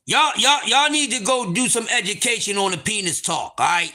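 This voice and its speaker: A man with a very high, bright voice tells a story on a livestream. His pitch swings widely, and he often gets loud and profane as he laughs his way through it. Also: expressive, normal speed, few pauses. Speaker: livestream host.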